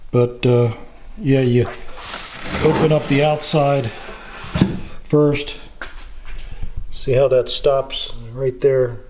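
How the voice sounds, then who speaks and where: A middle-aged man narrating his woodworking project in a casual, plain-spoken way, pausing often with fillers. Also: medium pitch, fairly even intonation, noisy background. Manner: slow, plain-spoken, with frequent pauses and fillers. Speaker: woodworking channel host.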